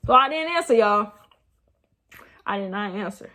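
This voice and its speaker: A young woman, casually telling a rambling, animated story about her night out. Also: on the high side, fairly quick, a little hiss or hum. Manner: animated, rambling, laughs at herself. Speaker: vlogger.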